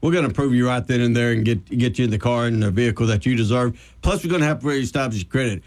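Middle-aged guy, business owner on the radio, relaxed and chuckly. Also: mid-range voice, racing. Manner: easygoing, chuckling. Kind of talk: casual radio chat.

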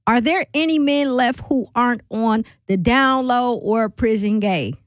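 A woman's voice: on the high side, measured pace, dry recording. A woman hosting a radio talk show, chatting casually with laughing asides and rallying calls to her listeners. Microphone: studio microphone.

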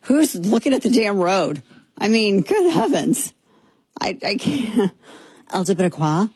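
A woman's voice: medium pitch, very animated, takes it slowly, a little mellow, slightly rough, no echo. A woman hosting a talk radio show, giving scornful, mocking commentary.

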